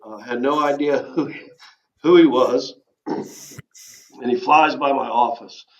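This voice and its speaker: A man being interviewed, telling a personal recovery story in a halting, earnest way with frequent throat clearing. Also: medium pitch, highs cut off. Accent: Southern American. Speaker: interview guest. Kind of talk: candid personal testimony.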